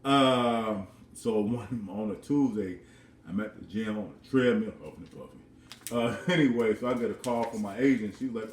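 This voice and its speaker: A man's voice: mid-range voice, normal speed, far from the mic, a little hiss or hum. A man in his thirties casually telling a personal story at home, rambling and repeating words with frequent chuckles. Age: 30s. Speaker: vlogger. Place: his own house. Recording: roomy sound from off-mic.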